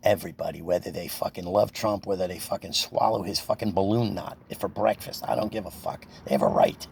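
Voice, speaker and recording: Gravelly, profane ranting man. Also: sits low, normal speed. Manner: angry, profane, rambling with restarts. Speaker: First Amendment auditor vlogger. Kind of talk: profane political rant to camera.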